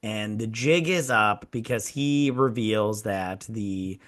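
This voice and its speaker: A man's voice: lowish voice, slow, fairly bright tone. A man hosting a casual movie-review podcast, animatedly retelling scenes, acting out characters' lines, laughing often and joking crudely. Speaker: podcast host.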